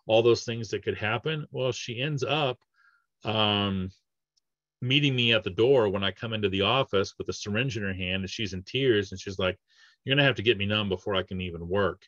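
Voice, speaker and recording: A dentist runs a casual training webinar, talking through patient cases conversationally with many fillers and restarts. His voice is on the low side, fairly bright, at a moderate pace; the recording has no echo but sounds muffled.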